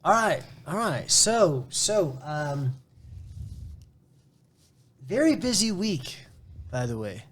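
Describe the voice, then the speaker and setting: A man's voice: fairly high pitch, very animated, slow pace, long pauses, fairly bright tone. A man co-hosting a casual chat show indoors, rambling and joking and often laughing. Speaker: podcast co-host.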